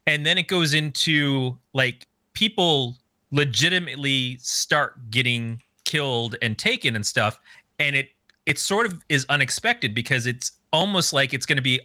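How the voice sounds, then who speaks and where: A man chatting casually about a movie, recapping the plot in a measured, thoughtful way. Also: mid-range voice, sharp tone, no room sound. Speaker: podcast co-host. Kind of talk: casual movie review chat.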